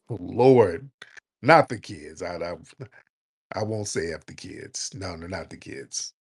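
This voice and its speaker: A man hosting a call-in show, blunt and joking, scolding his callers in loud, casual talk. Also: deep voice, animated, takes it slowly, slightly rough. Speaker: radio call-in host.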